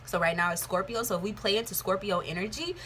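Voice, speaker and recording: Bright-voiced young woman giving a candid tarot reading. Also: mid-range voice, quick pace, slight background noise. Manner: candid, profane, rambling. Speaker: tarot reader. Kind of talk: casual tarot reading vlog.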